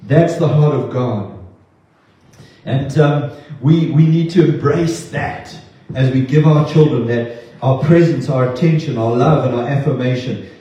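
Heard from far off in a dull echo, a pastor with a medium-pitched, dark-toned voice preaches unhurriedly in church. The sermon is earnest and heartfelt, though he often stumbles and repeats himself.

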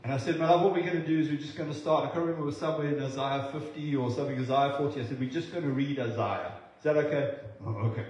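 A man's voice: fairly high pitch, rapid-fire, darkish tone. A man from South Africa preaching a sermon as pastor, earnest and repeating words for emphasis. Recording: very echoey room, voice from a distance.

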